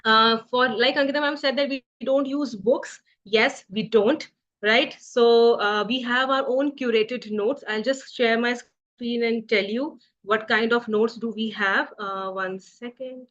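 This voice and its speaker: A woman's voice: a little high, steady tone, unhurried, a bit bright. A woman with an Indian accent, a French teacher giving a reassuring, explanatory webinar presentation over a video call. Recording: dull lo-fi call audio.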